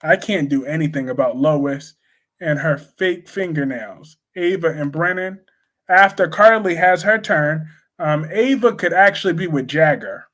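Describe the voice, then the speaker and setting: A man with a high voice talks slowly and bluntly through his soap opera opinions. He repeats his points for emphasis in a casual live-stream chat with viewers. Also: fairly bright tone.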